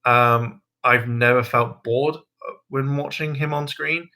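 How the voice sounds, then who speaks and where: Young male streamer with a bright, forward tone and a middling pitch; casual, rambling delivery full of fillers, with jumps into mocking voices. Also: steady tone, slow. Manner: hesitant, many ums and restarts, jumps into high mocking voices when quoting. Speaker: livestream host. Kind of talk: casual rambling livestream chat.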